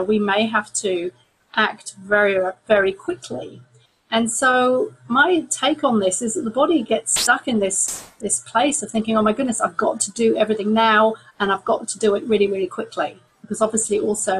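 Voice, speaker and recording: Middle-aged woman, stress coach, calm even delivery, a touch husky. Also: mid-range voice, low-quality recording. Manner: calm, repeats words for emphasis. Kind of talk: talk to camera.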